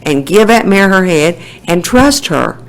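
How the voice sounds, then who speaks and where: A woman putting on the voice of a gruff old male horse trainer, coaxing in a folksy drawl. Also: on the low side, animated, measured pace, pitched above the performer's own voice, poor audio.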